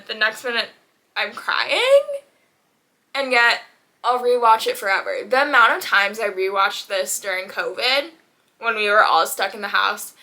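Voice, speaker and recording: A woman's voice: fairly high pitch, bright, forceful tone. A young woman vlogging in casual chat, talking animatedly with dramatic rants and laughs.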